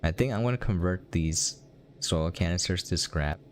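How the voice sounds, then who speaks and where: Young american dude live streaming, deep voice, laughs a lot, just chatting. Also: male voice, moderate pace, a little hiss or hum. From United States. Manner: rambling, laughs often, talks to chat. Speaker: game streamer. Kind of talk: casual live-stream chat.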